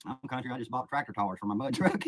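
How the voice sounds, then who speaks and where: A man's voice: mid-range voice, big pitch swings, fast, slight background noise. A man from Eastern Kentucky with an Appalachian accent, rambling and cursing in casual livestream chat outdoors by a river. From Eastern Kentucky, USA. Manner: profane, rambling, chatty.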